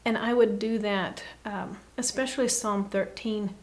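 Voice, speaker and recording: A woman guest giving an earnest, reflective faith talk, often dropping to a soft hush. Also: medium pitch, steady tone, unhurried. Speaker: podcast guest.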